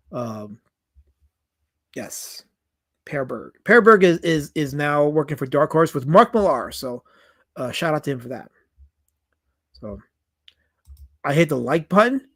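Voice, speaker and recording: Streamer host, male, middle-aged, high-pitched, chatty and wry, reads chat aloud. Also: sing-song, normal speed, long pauses. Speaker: streamer discussing comic art. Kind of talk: casual live-stream commentary.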